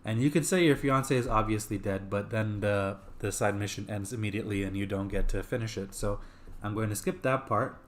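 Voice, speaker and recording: A man casually talking through a side mission he wrote for his own game, in a relaxed, explanatory way. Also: fairly low pitch, fairly quick. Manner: relaxed, explanatory, with small restarts. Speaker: game developer.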